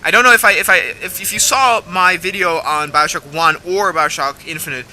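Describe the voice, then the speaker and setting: A young man rambling excitedly and swearing casually while commenting on a game as he plays. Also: on the high side, moderate pace, slight background noise, low-quality recording. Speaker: gaming video host. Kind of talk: let's play commentary.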